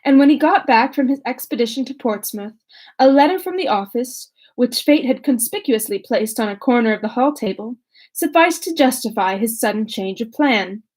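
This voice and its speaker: A woman's voice: a little high, expressive, moderate pace, darkish tone. A young woman who chats casually and self-mockingly with many fillers, then reads a classic novel aloud. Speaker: audiobook reader.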